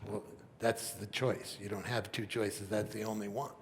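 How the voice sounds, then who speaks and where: A man's voice: on the low side, flat delivery, normal speed, big-room sound, a little hiss or hum, pitched below the performer's own voice, natural voice. A man voicing Joseph, a grown brother in power, speaking in plain modern phrasing. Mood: firm.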